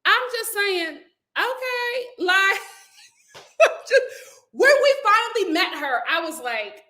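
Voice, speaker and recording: A young woman hosting a casual live stream, reading viewer comments aloud and chatting in an animated way with frequent laughter. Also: extremely high pitch, takes it slowly.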